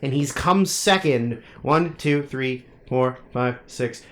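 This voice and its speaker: A man's voice: mid-range voice, slow pace, fairly bright tone. A man co-hosting a podcast in casual banter, rambling, swearing and laughing often. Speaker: podcast co-host.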